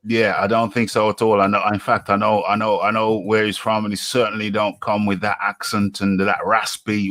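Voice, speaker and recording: A man's voice: lowish voice, little pitch movement, fairly bright tone, dry recording. A man hosting a live boxing talk show, chatty and teasing. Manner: chatty, teasing, quick asides. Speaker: host.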